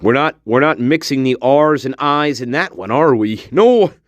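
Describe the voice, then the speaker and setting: A man's voice: medium pitch, animated, moderate pace, no room sound. A man hosting a livestream, rambling casually with profanity and frequent laughter. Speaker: livestream host.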